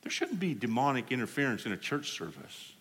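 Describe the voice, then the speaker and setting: A man preaching a sermon, telling healing stories in an animated way and acting out the people he quotes. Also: medium pitch, a little fast, breathy edge. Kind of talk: storytelling sermon. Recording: hall reverb.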